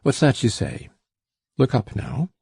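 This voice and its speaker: A man reading the part of a domineering, miserly old father who coaxes his daughter and flares into rage, in a gravelly, husky voice. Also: medium pitch, big pitch swings, measured pace, warm tone, no echo, voice pushed up, full character voice. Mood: coaxing. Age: older. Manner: wheedling then furious. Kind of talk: audiobook character reading.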